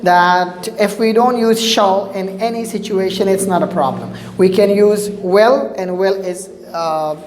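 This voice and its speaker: A woman walks through a grammar lesson at an unhurried, patient pace, circling back to repeat each point and pausing on filler sounds. Her voice rings with a long echo, as if in a bare room, with a faint hiss underneath. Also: medium pitch, a little mellow. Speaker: English teacher.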